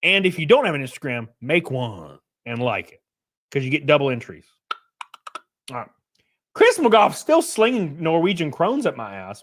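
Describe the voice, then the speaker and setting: A man's voice: a little high, big pitch swings, moderate pace. A man streaming live, chatting casually and crudely, joking around and thanking chat members by name.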